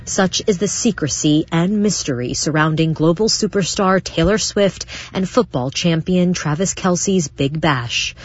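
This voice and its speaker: A woman correspondent narrating a scripted news package in a crisp, brisk way. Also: on the low side, muffled recording.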